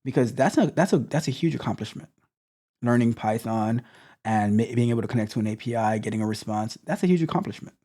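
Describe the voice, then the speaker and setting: This tech coach talks fast, with a warm tone at medium pitch, pushing blunt motivation at his audience. He restarts words again and again and circles back over the same points.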